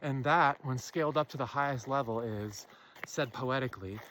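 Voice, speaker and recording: Woman speaker, earnest solo talk to camera, slows to stress key phrases, asks listeners questions. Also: extremely low pitch, background noise. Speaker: self-help speaker. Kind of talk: impassioned spiritual monologue.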